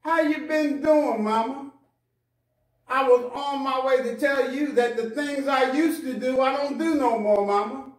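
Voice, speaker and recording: A preacher voicing an eager prodigal son. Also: male voice, extremely high pitch, a little slow, echoey room, recorded from a distance, pitched above the performer's own voice, low-quality recording. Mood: joyful. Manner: excited, earnest.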